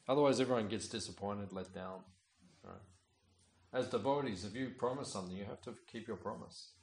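A man's voice: medium pitch, vocal fry, reverberant, slight background noise. A tired man teaching a scripture class, reading verses aloud and then explaining them in a chatty way, often with "uh" and "right?". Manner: frequent "uh" and "right?" checks with listeners.

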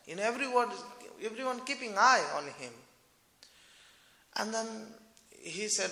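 High-voiced man telling a devotional story. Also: expressive, measured pace, gravelly, long pauses, pushed and bright. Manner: conversational, with frequent fillers. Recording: echoey hall with long reverb.

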